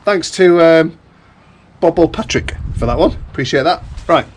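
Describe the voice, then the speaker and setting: A man's voice: on the high side, expressive, a little slow. Chatty fifty-something man who mumbles. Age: 50s. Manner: mumbling, tails off at ends, chatty with slang. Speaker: vlogger. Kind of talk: casual chat to camera. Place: farmhouse under renovation in the countryside.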